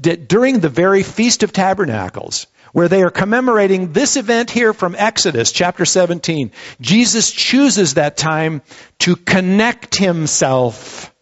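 A man preaches an earnest sermon, retelling the story in a fairly high voice. He stresses key words and restarts a few phrases. The recording sounds dull and lo-fi, as if it was made in a church hall. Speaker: pastor.

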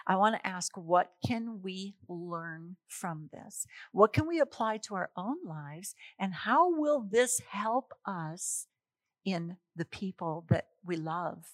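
Brief: lively woman preacher walking through scripture, mid-range voice, dry close sound. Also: mid-range voice, takes it slowly, no room sound. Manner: animated, emphatic, chuckles at her own points. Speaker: Bible teacher. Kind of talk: expository sermon.

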